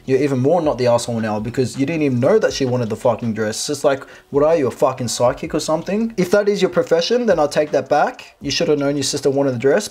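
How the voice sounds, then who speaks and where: A man's voice: medium pitch, darkish tone, husky. A man hosting a video, reading out a post and commenting on it in a blunt, sarcastic, profane way. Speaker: video host.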